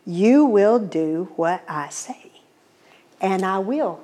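Whispered role-play: woman doing God, a hushed, firm command. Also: medium pitch, expressive, slow.

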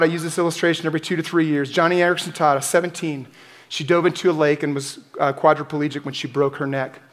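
A man preaching an Easter sermon as pastor, building to forceful emphatic peaks and dropping to quiet, intimate asides. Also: fairly high pitch.

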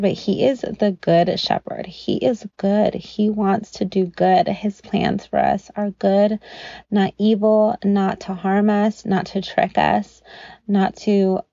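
A woman's voice: medium pitch, vocal fry, dark tone, no room sound, lo-fi sound. Earnest woman teaching a devotional podcast. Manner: earnest, encouraging, conversational with fillers. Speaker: podcast host teaching scripture.

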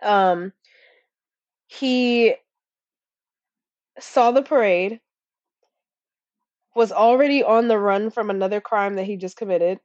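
A woman's voice: medium pitch, slow, pauses often, a little mellow, no room sound. Young woman podcast co-host, rambling and profane, lo-fi dead-dry sound. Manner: blunt, heavy swearing, rambling with fillers. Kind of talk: casual chat. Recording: dull lo-fi recording.

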